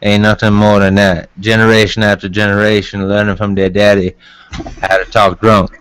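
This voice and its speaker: A man's voice: lowish voice, level tone, moderate pace, fairly bright tone, clean tone. Profane joking man in voice chat. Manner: profane, joking, needling others. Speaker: voice chat participant. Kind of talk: casual chat.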